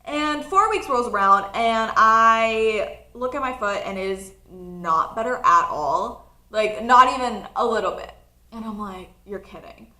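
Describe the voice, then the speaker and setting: A nineteen-year-old woman telling a personal story in a casual vlog, chatty and animated, often laughing. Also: a little high, measured pace, echoey room. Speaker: college student vlogger.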